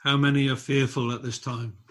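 A man's voice: little pitch movement, fairly bright tone. A man preaching a sermon, emphatic and repetitive, pressing his points and lifting his voice on key phrases. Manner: slow, emphatic and repetitive, rising in pitch and force on key phrases.

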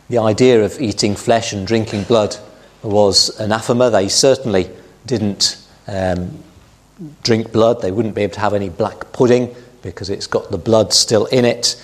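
A middle-aged man preaching a sermon, teaching through scripture in a measured way and quoting verses with emphasis. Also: on the low side.

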